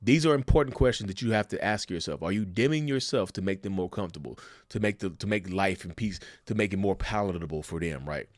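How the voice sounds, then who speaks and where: A man's voice: sits low, quick pace, hardly any pauses, dry recording, studio quality. A man giving casual, emphatic commentary on relationships, asking the viewers rhetorical questions and calling them y'all. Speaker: commentator sharing a narcissist's view.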